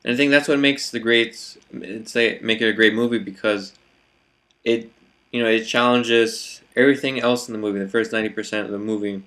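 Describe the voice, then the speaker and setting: A man talks through his thoughts in a relaxed vlog, his voice sitting a little low. He hesitates often and restarts his sentences, filling the gaps with "you know" and "let's say". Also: a little fast. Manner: hesitant, many fillers and restarts. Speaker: vlogger. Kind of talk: reflective casual monologue.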